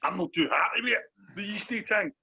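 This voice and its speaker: A man's voice: sits high, fast talker, pushed and bright, breathy edge. A Glaswegian man co-hosting a casual beer review podcast, rambling and repeating himself. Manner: rambling, repeats phrases, says "do you know what I mean". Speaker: podcast co-host. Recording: dull lo-fi sound.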